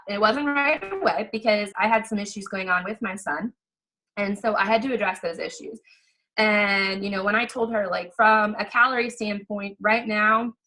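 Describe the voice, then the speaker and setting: A woman's voice: medium pitch, pushed and bright, rough recording. A woman in her thirties telling her personal story as a fitness coach, chatty and earnest with lots of fillers, acting out quoted conversations. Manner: acts out quoted exchanges in livelier voices. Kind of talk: personal testimonial.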